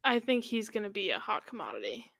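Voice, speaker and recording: A woman's voice: mid-range voice, big pitch swings, quick pace, vocal fry, fairly bright tone, no echo. A woman co-hosting a sports podcast, talking playfully with hesitant ums. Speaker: podcast co-host. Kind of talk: casual chat.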